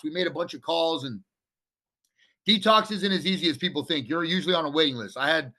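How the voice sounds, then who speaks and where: Male podcast guest, candid storyteller, profane and unpolished, sharp and forceful tone. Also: on the high side, fairly quick. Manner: blunt and profane, with frequent restarts. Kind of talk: candid storytelling in a casual interview.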